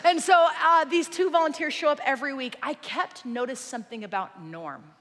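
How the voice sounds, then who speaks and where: A woman preacher delivers a sermon in a high, bright voice, with lively storytelling. Her words carry through a large church hall and trail off in a long, echoing reverb. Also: a little fast. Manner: animated storytelling, acting out quoted people.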